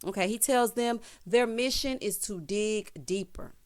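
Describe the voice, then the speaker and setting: A woman in her thirties recapping a reality show in a sassy, animated way, tossing in "honey" and "child" as she goes. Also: medium pitch, a little slow.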